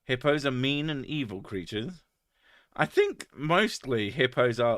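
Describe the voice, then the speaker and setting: A man's voice: medium pitch, animated, unhurried, a bit bright, no room sound. Sweary man streaming, dry sound. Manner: sweary, crude joking, laughs often. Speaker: streamer reading chat. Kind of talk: casual live-stream chat.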